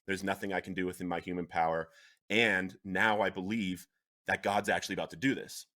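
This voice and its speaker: A man in his thirties recounts his own story of hitting bottom and getting clean. His voice sits a little low, and he talks with raw earnestness. He swings between heavy, quiet moments and bursts of animated, laughing storytelling. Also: fairly quick. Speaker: podcast guest sharing recovery story. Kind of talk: emotional personal storytelling.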